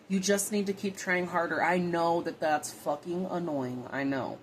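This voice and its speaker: A woman's voice: on the low side, moderate pace, few pauses, slight background noise, low-quality recording. A young woman reading tarot casually, rambling and swearing freely with lots of fillers. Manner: chatty, profane, rambling with frequent fillers. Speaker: tarot reader.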